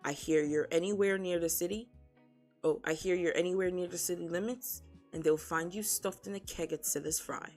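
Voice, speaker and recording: A woman's voice: on the low side, moderate pace, a little mellow, faint music behind, close to an everyday voice. Woman reading as a cold young crime boss. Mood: cold threatening. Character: cool calculating young male crime boss.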